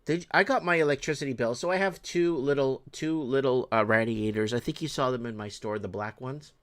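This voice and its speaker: A Canadian man in casual chat, telling a story in an animated, exasperated way with stammering restarts. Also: mid-range voice, fairly quick.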